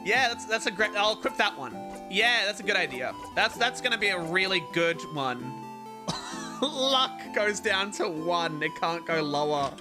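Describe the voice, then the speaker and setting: A streamer giving excitable let's-play commentary on a game, laughing often and reading lines aloud. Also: mid-range voice, unhurried. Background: game music.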